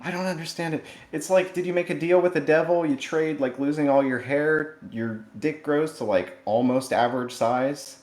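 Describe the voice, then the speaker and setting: A man's voice: fairly high pitch, moderate pace, hardly any pauses, a little mellow. A man delivering a comedic roast with sarcastic, mock-earnest jokes and self-deprecating asides, recorded in a sparsely furnished new home. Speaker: roast participant. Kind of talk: comedic roast set over a video call. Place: newly moved-in, barely furnished home. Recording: echoey, sparsely furnished room.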